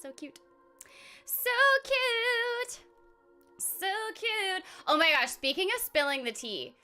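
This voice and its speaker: A woman's voice: sits high, sing-song, moderate pace, bright, forceful tone, faint music behind. A woman live-streaming a game, chatting casually with her viewers in a bubbly, giggly way and scatting little filler sounds. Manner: giggly, rambling with restarts.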